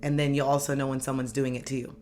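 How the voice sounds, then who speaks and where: A woman's voice: rumbling low, level tone, quick pace, darkish tone, slight background noise. A woman life coach giving an earnest, direct motivational self-help talk, repeating key phrases for emphasis.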